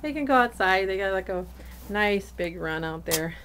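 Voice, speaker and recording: A woman's voice: mid-range voice, animated, normal speed, noisy background. A woman giving a casual, rambling tour of her homestead outdoors, with plenty of fillers and small laughs, recorded on a handheld camera mic. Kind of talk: casual walk-through narration. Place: outdoors on a small farm, among barns and animals.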